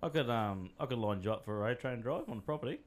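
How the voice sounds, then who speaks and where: An Australian man hosting a relaxed podcast chat. He tells yarns in a loose, easygoing way and swears often. His voice sits at an ordinary middle pitch for a man. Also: fast. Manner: laid-back, sweary yarn-spinning. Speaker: podcast host. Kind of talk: casual chat.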